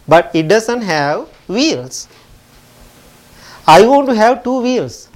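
A man telling of a poor stranger crying for the moon. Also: high voice. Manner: pleading, repetitive.

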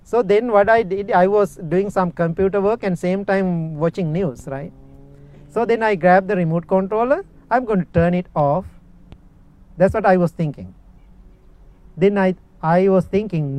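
A man with a Sri Lankan accent, a Buddhist monk giving an evening meditation talk. He speaks gently in simple, repetitive phrases with non-native grammar and keeps checking that his listeners follow. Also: high voice, unhurried. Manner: gentle, instructive, asks listeners for agreement.

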